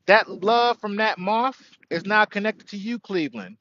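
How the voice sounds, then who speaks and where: A man's voice: sits high, normal speed, sharp tone, lo-fi sound. A man hosting an outdoor spiritual livestream, speaking earnestly and greeting viewers by name. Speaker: livestream host. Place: outdoors by a tree.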